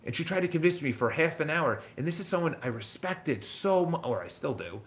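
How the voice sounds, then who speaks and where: A man's voice: fairly high pitch, lively intonation, normal speed, hardly any pauses, a bit bright. A man in his thirties hosting a real estate channel, talking in a rambling, motivational monologue full of restarts and repeated words.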